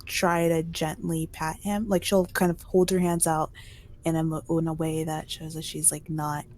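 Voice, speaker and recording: Gentle woman describing her character. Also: deep voice, flat delivery, moderate pace. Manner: gentle, filler-heavy. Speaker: player.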